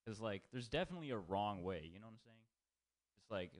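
A man's voice: fairly low pitch, animated, a little fast, a bit bright. A young man doing a rambling, self-deprecating stand-up set full of swearing, at an open mic in a small comedy room. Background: small audience.

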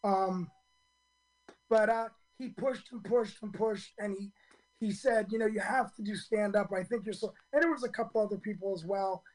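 A hoarse man in his fifties, a stand-up comedian, tells his story in a radio interview with a high-pitched voice at a moderate pace. He's earnest, full of ums and restarts, and the recording is rough.

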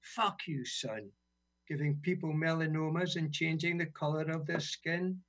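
A man from Britain reading his own poems on community radio, relaxed and wry between blunt, sweary verses. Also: fairly high pitch, a little slow. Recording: dull lo-fi radio sound.

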